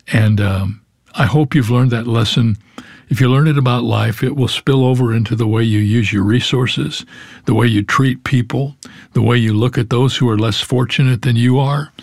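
A man closing a radio program, speaking to listeners in a relaxed, conversational way. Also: mid-range voice, vocal fry, breathy edge, dry recording. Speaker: radio preacher. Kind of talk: direct address to radio listeners. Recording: music bed underneath.

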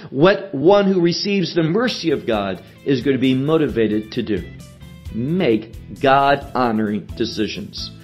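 Slow, earnest man in his sixties preaching. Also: mid-range voice, animated, soft background music. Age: 60s. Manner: slow, earnest, emphatic exhortation. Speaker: Bible teacher. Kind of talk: radio sermon teaching.

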